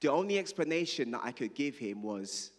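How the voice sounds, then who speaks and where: A male pastor with a medium-pitched, sing-song voice and a brisk delivery preaches a sermon in a reverberant church hall. He reads scripture aloud and leads the congregation in call and response.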